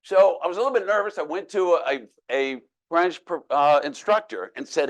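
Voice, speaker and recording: Older male keynote speaker, slightly high voice, self-deprecating storyteller with a folksy humor. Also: normal speed. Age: 60s.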